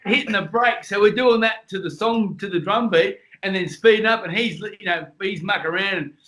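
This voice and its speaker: An Australian man telling a story in a casual chat, animated and acting out the people in his stories. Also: sits high, fairly quick. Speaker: guest, former boxer.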